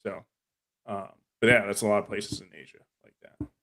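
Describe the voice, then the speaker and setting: A man's voice: fairly low pitch, fairly even intonation, moderate pace, a bit bright. Rambling storyteller man from New Jersey. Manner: rambling storyteller, acts out the people he quotes. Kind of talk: casual podcast chat.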